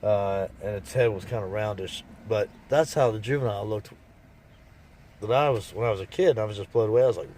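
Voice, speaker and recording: A man's voice: on the low side, moderate pace, darkish tone. A man casually telling a rambling, folksy story to his viewers, full of restarts and asides. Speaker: vlogger.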